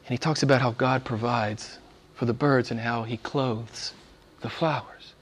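An older man preaching a sermon, shifting from loud emphatic calls to hushed near-whispers and pressing his listeners with rhetorical questions. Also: mid-range voice, fairly even intonation, a little slow. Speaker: pastor.

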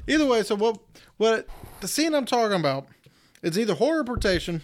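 A man's voice: sits high, very animated, brisk. A man co-hosting a casual movie review chat, wry and sarcastic, laughing at his own jokes. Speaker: podcast co-host.

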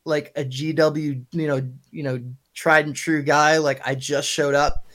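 A man's voice: on the high side, level tone, unhurried, a bit bright. A man from Long Island with a Long Island accent, hosting a casual podcast chat and ranting in an exasperated, joking way. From Long Island, New York. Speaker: podcast host.

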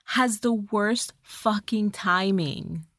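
Woman co-host, casual movie-recap chat, bright tone, dry close sound, loose and profane. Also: medium pitch, takes it slowly, no echo. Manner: chatty, swearing, filler-heavy. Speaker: podcast co-host.

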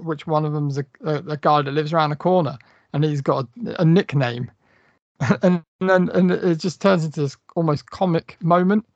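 A man co-hosting a casual podcast chat, animated and swearing as he retells film scenes. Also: a little high, no room sound, highs cut off. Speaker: podcast co-host.

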